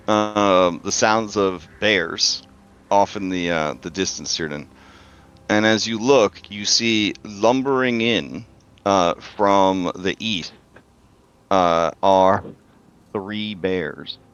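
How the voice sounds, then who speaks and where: Low-voiced man running a tabletop game. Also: drawn-out words, a bit bright, smooth. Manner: hesitant, full of uhs while narrating. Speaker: game master. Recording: dull lo-fi sound.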